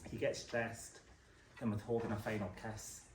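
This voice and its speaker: A Scottish man giving a live poetry reading, with an animated, dramatic delivery. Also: on the low side, normal speed, noisy background. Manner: animated, dramatic delivery with big swings in loudness. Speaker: poet reading his work. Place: library event room. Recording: roomy hall sound from a distant mic, faint ambience.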